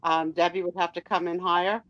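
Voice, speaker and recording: A woman's voice: on the low side, little pitch movement, fairly quick, fairly bright tone, dry recording, lo-fi sound. A woman co-hosting a live vintage sale, chatting and calling out bids from viewers. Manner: chatty, runs the bidding and teases viewers.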